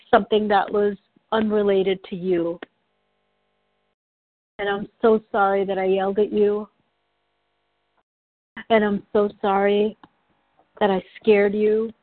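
A man in a coaching session, speaking softly and tenderly as he apologizes to his younger self. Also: sits high, no room sound, narrow, tinny audio. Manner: slow, soft-spoken, tender. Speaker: coaching client. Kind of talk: coaching session, addressing inner child.

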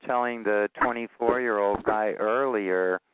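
A low-voiced man in his sixties runs a call-in show, talking in a long, earnest, rambling way. His voice comes through a thin, tinny phone line. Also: fairly even intonation, unhurried, slight background noise. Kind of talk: conference call talk.

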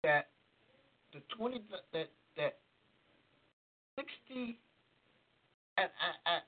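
A man's voice: high-pitched, lively intonation, takes it slowly. A man co-hosting a casual political talk show, telling a story in disbelief and repeating himself for emphasis. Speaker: podcast co-host. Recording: tinny phone-like sound.

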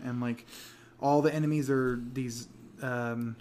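A man's voice: mid-range voice, fairly even intonation, measured pace, darkish tone, slight background noise. A man co-hosting a casual gaming podcast, rambling with many restarts and frequent laughs. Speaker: podcast co-host.

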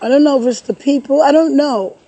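Outdoors in a park, a New York woman records an emotional personal vlog, upset and tearful as she recounts a bad experience. She speaks haltingly and repeats words, her voice high and mellow, and the recording is rough.

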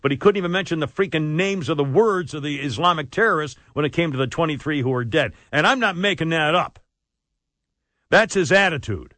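A man hosting a talk radio show, animated and opinionated, on a studio mic. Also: fairly high pitch, fast talker, few pauses, no room sound.

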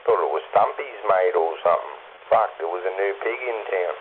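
A fairly low-voiced Australian man ribs his mates over a CB radio channel. His voice is squeezed into a thin, phone-like band with a light hiss behind it. He teases and swears freely. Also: a little fast. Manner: crude, teasing, swearing. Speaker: CB radio caller. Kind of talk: casual banter over CB radio.

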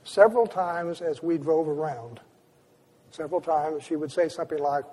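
A man's voice: fairly high pitch, normal speed, dark tone, breathy edge, in a large hall. A man telling a vivid story to an audience, often stopping and restarting his sentences. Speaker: speaker. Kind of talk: storytelling lecture.

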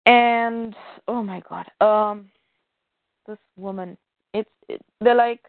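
A woman's voice: fairly high pitch, a little slow, dry recording. A woman co-hosting a casual comic book podcast, talking in an exasperated way and mockingly acting out the characters she complains about. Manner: exasperated, counts aloud, mimics characters mockingly. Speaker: podcast co-host. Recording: dry tinny phone-like sound.

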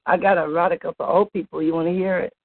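A woman's voice: lowish voice, fairly even intonation, quick pace, husky, no room sound. A woman reading a humorous poem as a guest, with a playful, dry comic delivery. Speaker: guest reader. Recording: dry, tinny phone-line sound.

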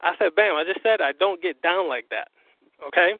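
Animated man telling a story over the phone. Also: high-pitched, moderate pace, no echo. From US Northeast. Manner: animated storytelling, quotes others, heavy profanity. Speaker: guest telling his story. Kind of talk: casual phone interview. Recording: tinny phone line.

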